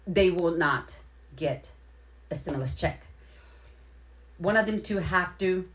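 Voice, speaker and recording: A woman with a slightly low voice talks casually to her live-stream viewers. She repeats and rephrases herself as she explains, then greets people one by one by name. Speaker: livestream host.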